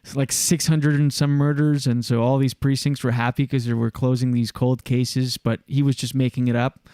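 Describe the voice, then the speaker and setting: A male podcast host telling a long, meandering story in casual chat. He talks at an ordinary middle pitch, full of fillers. The sound is dry and close. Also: little pitch movement, normal speed, dark tone, clear, resonant tone, no echo. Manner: rambling storyteller, lots of fillers. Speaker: show host.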